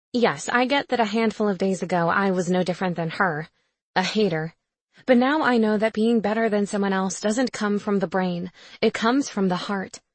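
A woman's voice: mid-range voice, no echo. A young woman narrating a first-person audiobook with a wry, sarcastic inner voice.

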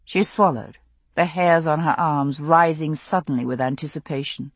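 A woman narrating a novel in an intimate, unhurried storytelling voice on a close studio mic. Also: deep voice, breathy edge, dry recording. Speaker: audiobook narrator. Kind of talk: scripted narration.

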